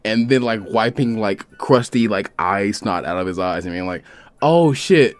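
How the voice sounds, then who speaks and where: A man's voice: on the low side, normal speed, clean tone. A man running a tabletop game over an online voice call, who keeps breaking into giggly laughter. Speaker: game master. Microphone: desk mic on an online voice call.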